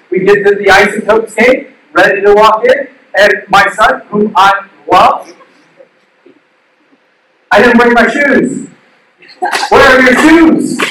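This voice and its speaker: Animated pastor in an echoey hall. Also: male voice, extremely high pitch. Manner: animated, asks the crowd questions, acts out quotes. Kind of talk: sermon. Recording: distant mic in a very echoey hall.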